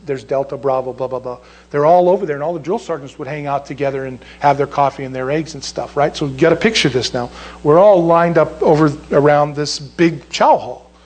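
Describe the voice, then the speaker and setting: Pastor, man in his 60s, high-pitched, animated emphatic sermon storytelling. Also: breathy edge. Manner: animated, emphatic, rises sharply when stressing a point.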